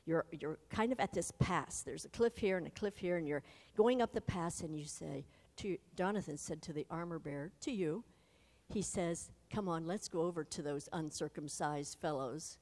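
A woman retelling a Bible story to an adult audience, animated and speaking straight to her listeners. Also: on the low side, moderate pace. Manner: animated, addresses listeners directly. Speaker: Bible teacher. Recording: long hall reverb.

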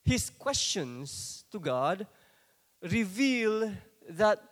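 A man preaching a sermon, dramatic in delivery and sometimes rising to forceful outbursts. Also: sits high, very animated, very slow, in a large hall.

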